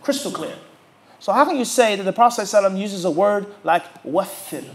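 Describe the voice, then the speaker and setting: A man with a high-pitched voice teaches a religious class. He is emphatic and animated. He keeps putting questions to his listeners and pausing for them to fill in the answer. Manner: rhetorical questions asked to the audience. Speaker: Islamic teacher.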